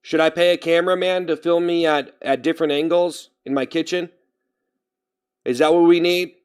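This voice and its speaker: A man's voice: fairly high pitch, steady tone, normal speed, smooth. Rambling man chatting on a live stream. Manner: rambling, often restarts and corrects himself; talks straight to chat, reading out names. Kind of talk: casual live-stream chat.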